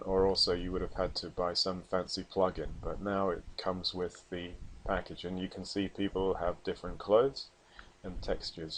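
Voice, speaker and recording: A man, sounding slightly out of breath, giving a casual screen-recorded software tutorial with a lot of ums and restarts. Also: low voice, a little hiss or hum. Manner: rambling, with many ums and restarts.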